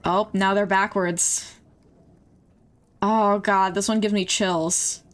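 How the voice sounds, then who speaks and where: A woman's voice: mid-range voice, steady tone, takes it slowly. A young woman streaming, chatting casually and emotionally as she reacts to music videos, laughing and gasping along the way.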